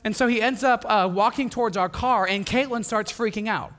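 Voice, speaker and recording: This young pastor from Wisconsin has a voice that sits high, and he talks a little fast with few pauses. His casual sermon is built around stories, which he tells with laughter while animatedly voicing the people in them.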